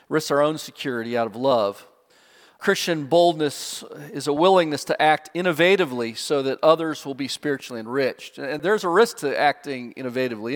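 A man preaching a sermon, animated, with speech that climbs to high emphatic peaks and falls low at phrase ends, chuckling now and then. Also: long reverb tail. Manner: chuckles now and then while telling stories.

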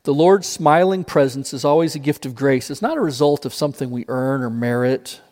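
A man preaching a sermon as pastor, emphatic, repeating key phrases and slowing down to stress them. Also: medium pitch, lively intonation, a little mellow, long reverb tail.

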